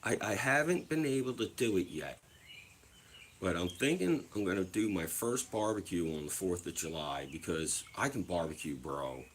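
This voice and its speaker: A young livestreamer with a deep, sing-song voice talks at normal speed, with a little hiss or hum in the audio. He casually tells stories to his viewers, swearing freely and imitating other people's voices.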